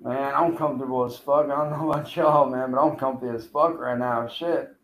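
A man's voice: mid-range voice, fairly even intonation, moderate pace, roomy sound, a little hiss or hum, rough recording. A man streaming live, taunting and cursing at a rival who keeps failing to show up. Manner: taunting, profane, calling out a rival. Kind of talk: livestream trash talk.

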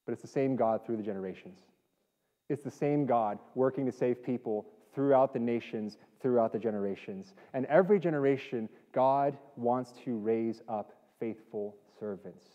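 A man preaching a sermon as pastor, emphatic, swinging between loud declarations and hushed lines. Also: medium pitch, normal speed. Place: church sanctuary. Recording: dull sound with long hall reverb.

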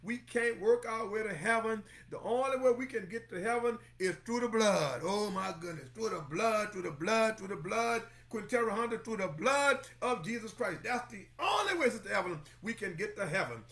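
A man's voice: high voice, expressive, normal speed, gravelly, few pauses, pushed and bright. A man preaching a Bible lesson, exclaiming often and calling congregation members by name while repeating phrases for emphasis. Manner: repeats phrases for emphasis, breaks into song snippets. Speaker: pastor teaching Bible study. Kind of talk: lively sermon-style Bible lesson.

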